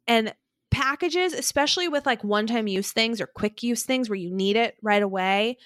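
A woman's voice: on the high side, normal speed, dry recording, studio quality. A woman co-hosting a podcast, ranting lightly in casual chat with a chatty, easygoing manner. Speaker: podcast co-host.

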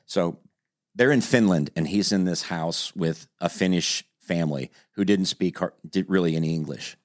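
A man's voice: deep voice, normal speed. A man hosting a podcast, telling a story in casual chat and acting out the quotes with energy. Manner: animated storyteller who acts out quotes. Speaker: podcast host.

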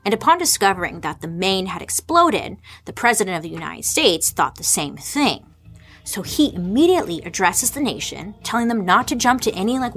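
A woman's voice: mid-range voice, fairly bright tone. Irreverent, sarcastic woman telling history. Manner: irreverent, sarcastic asides, swears freely; talks to the audience with rhetorical questions. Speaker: history explainer host. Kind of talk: casual comedic history storytelling.

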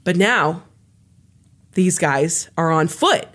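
Animated woman telling a crime story. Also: takes it slowly. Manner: animated, laughs, rises high when excited. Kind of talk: casual true-crime chat.

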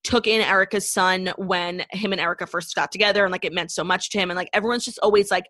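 A woman's voice: fairly low pitch, fairly even intonation, a bit bright, no room sound, studio quality. A young woman co-hosting a podcast, chatting casually and gushing with a profane edge. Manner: gushing, profane, fast recaps of reality TV. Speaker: podcast co-host. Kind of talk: casual chat.

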